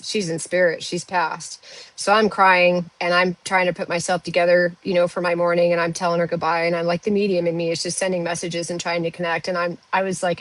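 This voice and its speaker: A woman's voice: on the low side, no echo, low-quality recording. A woman who works as an intuitive health medium, telling a personal story casually to her viewers with lots of "like" and "you know". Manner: chatty, uses "like" and "you know" fillers.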